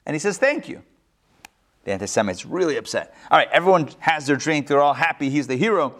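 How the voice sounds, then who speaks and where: Man, rabbi, live class lecture, lively storyteller, higher pitch. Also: fast talker. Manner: animated storyteller, acts out joke characters with big pitch swings. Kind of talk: live lecture with joke-telling. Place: synagogue classroom, recorded live before an audience.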